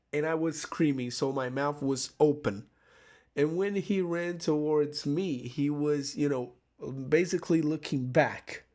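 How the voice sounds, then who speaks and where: A man's voice: a little high, darkish tone. A man telling a story to camera in a casual, rambling way, swearing often, laughing at himself and restarting his sentences. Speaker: vlogger.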